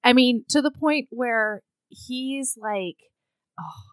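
Chatty woman with a bright, higher voice. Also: takes it slowly, no echo. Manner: drops into a low husky voice to act out characters' lines, laughs often, swears. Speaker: podcast co-host recapping a book. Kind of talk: casual chat.

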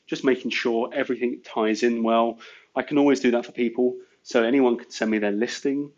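A man's voice: mid-range voice, fairly even intonation, brisk, darkish tone, muffled recording. A man telling business stories in a casual, rambling way, full of "you know". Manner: chatty, filler-heavy with lots of "you know". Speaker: guest business owner. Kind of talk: casual storytelling.

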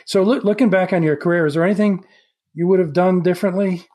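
A man's voice: sits high, steady tone, fast talker, darkish tone. A man interviewing a guest, asking questions in a friendly way with frequent restarts. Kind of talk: interview conversation.

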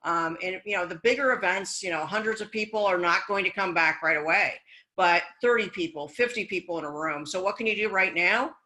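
A woman's voice: on the low side, brisk, bright, forceful tone, low-quality recording. A middle-aged woman business coach speaking candidly and encouragingly in a casual chat, sharing personal stories. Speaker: business coach and event host.

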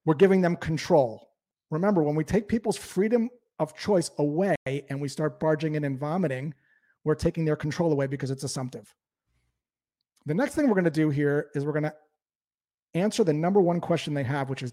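Brief: male sales trainer, mellow tone, slightly higher pitch, explanatory. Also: fairly quick. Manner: explanatory, lively coaching. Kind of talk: instructional talk.

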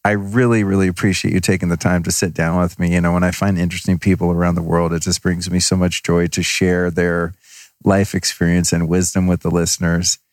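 Man, podcast host, low voice, dry close sound, animated storyteller. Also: brisk, no echo. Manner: animated storytelling, acts out his own past lines. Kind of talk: casual interview chat. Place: on location at a resort.

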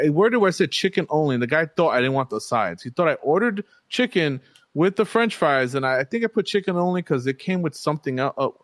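A young man, chatting casually and swearing freely as he rambles through a story. He plays out the people he quotes, and his voice sits at a middling pitch. The sound is dry and close, with no room echo. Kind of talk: casual chat.

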